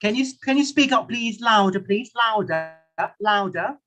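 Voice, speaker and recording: A man who speaks English with a British accent and a Thai first language, teaching an online English class in a playful way, repeating his questions slowly and chuckling often. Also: high-pitched, fairly bright tone, faint music behind. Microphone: computer mic on a video call.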